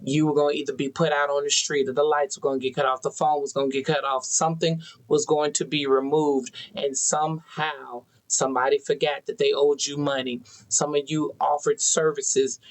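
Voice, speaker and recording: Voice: medium pitch, level tone, normal speed, few pauses, low-quality recording. A tarot reader giving a spiritual card reading to viewers, talking to them directly in an earnest, preachy way with a lot of repetition. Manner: speaks to an unseen audience.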